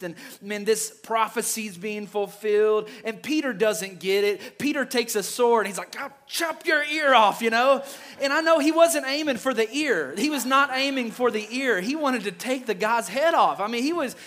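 A man's voice: extremely high pitch, fairly bright tone. A male pastor preaching a sermon emphatically, often stammering and repeating words as he builds a point.

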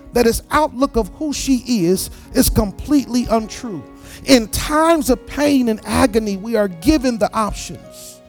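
A man with a strikingly high voice delivers a sermon from the pulpit. He lilts into a sing-song preaching cadence, repeating and building his phrases. Faint music sits softly behind him. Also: animated, normal speed. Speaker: pastor.

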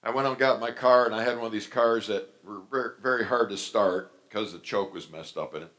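A man's voice: on the low side, a little fast, a bit bright. A middle-aged man preaching a sermon as pastor, telling stories animatedly and acting out the voices he quotes.

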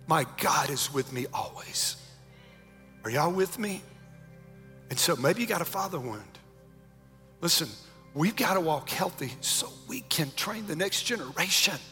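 A pastor preaching a sermon, moving between shouted calls and low, close talk. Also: male voice, big-room sound. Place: large church sanctuary.

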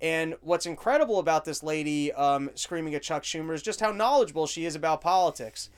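A man's voice: a little high, fairly quick, clean tone. Crude, joking male podcast host. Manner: crude, joking, rambling, laughs at clips. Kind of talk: casual profane commentary on video clips.

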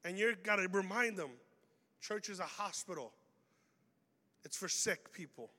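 A man preaching a youth sermon in a large hall, animated and acting out quoted people with humor. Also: sits high, unhurried. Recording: long reverb of a big hall.

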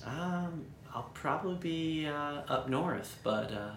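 A man co-hosting a podcast in casual chat, relaxed and halting with many fillers. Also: fairly high pitch. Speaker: podcast co-host. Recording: echoey room, faint noise.

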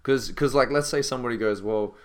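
Low-voiced man hosting a casual podcast. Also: a little fast. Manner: casual, filler-heavy talk with repeated words.

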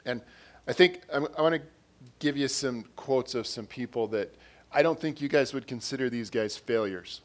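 Speaking at a normal speed with a medium pitch, a man gives an earnest sermon. He tends to repeat phrases and gets louder when he reads quotations and scripture.

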